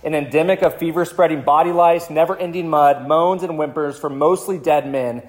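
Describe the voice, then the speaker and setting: A male pastor telling a vivid story in a sermon, slowing down for dramatic moments. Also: on the high side, fairly even intonation. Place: church.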